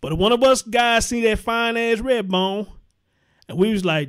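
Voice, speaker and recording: Profane, high-voiced male commentator. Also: normal speed, a bit bright, smooth. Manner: blunt, profane, emphatic with repetition. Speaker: host. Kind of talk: live commentary reading chat comments.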